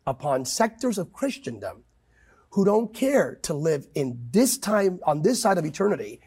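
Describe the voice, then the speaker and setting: A man's voice: very animated, normal speed, darkish tone, breathy edge. A man preaching with passion in a talk-show conversation, emphatic and quoting scripture. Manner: emphatic, quotes scripture, swings pitch widely. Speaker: pastor guest.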